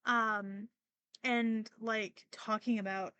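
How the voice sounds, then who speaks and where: A woman's voice: fairly high pitch, animated, a little slow, dry recording. A young woman hosting a podcast, talking casually and emotionally with many fillers and restarts, near tears at times. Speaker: podcast host. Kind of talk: casual personal monologue.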